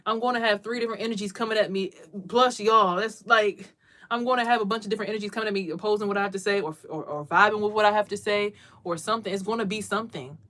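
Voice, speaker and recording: This card-reading livestream host talks fast in a medium-pitched voice, broadcasting casually from a small closet. Her delivery is emphatic and preachy, full of repeated words and loud bursts imitating other people.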